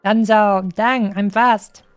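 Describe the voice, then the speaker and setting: A woman's voice: mid-range voice, fairly even intonation, slow, clean tone, soft background music. Playful woman streamer reading game lines. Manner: playful, hesitant reading with many fillers. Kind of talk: reading game dialogue aloud on a live stream.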